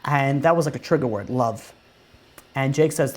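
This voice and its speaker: A man's voice: medium pitch, normal speed. A man, a rabbi, telling a story in a casual way, full of "you know" and "like" fillers. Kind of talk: oral storytelling.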